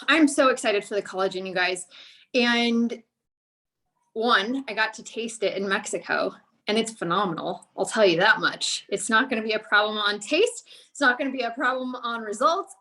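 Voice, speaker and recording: Upbeat female motivational speaker, high voice, slightly winded, coaching tone, peppered with "okay?". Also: normal speed, bright, forceful tone. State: out of breath. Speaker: guest speaker on a sales team call. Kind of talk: energetic motivational talk.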